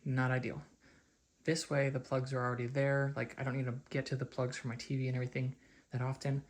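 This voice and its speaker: A man's voice: medium pitch, completely flat delivery, a little fast, reverberant. A young man talking casually at home in a rambling vlog, full of fillers as he explains his room setup. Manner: rambling, chatty, filler-heavy. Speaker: vlogger. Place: home, rooms and stairs.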